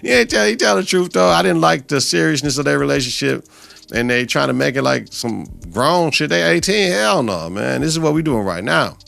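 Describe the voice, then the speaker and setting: A man hosting a podcast, recapping a TV episode in a casual, profane, animated way, acting out the characters' lines. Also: on the high side, moderate pace, vocal fry, no echo, faint music behind. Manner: animated, profane retelling with quoted voices. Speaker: podcast host.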